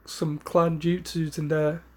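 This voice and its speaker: A man's voice: a little high, level tone, takes it slowly. A man voicing a clever, serious young ninja boy who speaks earnestly and plainly.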